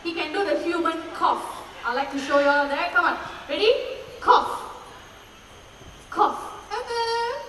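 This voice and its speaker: A woman's voice: high voice, brisk, few pauses, noisy background. A woman presenting a live bird show to an audience, chatty and playful as she coaxes the birds along. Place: outdoor bird show amphitheatre. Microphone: PA microphone heard from a phone in the audience. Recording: loud PA echo, recorded from far off.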